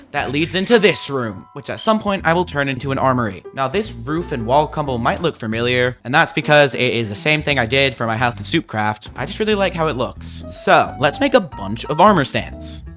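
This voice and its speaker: Bright, playful man narrating gameplay. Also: a little high. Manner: playful, chatty, with sudden excited outbursts. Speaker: gaming video creator. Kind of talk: casual gameplay commentary.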